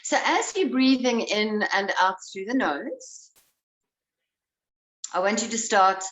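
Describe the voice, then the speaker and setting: A woman breathwork instructor leading a guided breathing exercise, giving slow, calm instructions. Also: a little high. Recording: roomy sound, voice away from the mic.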